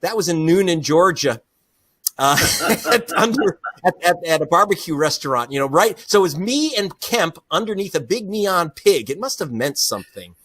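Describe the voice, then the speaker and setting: A man's voice: high-pitched, animated, normal speed, fairly bright tone, husky. A middle-aged man being interviewed as a journalist, talking with passion and indignation and laughing often. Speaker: investigative journalist, guest. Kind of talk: animated interview talk.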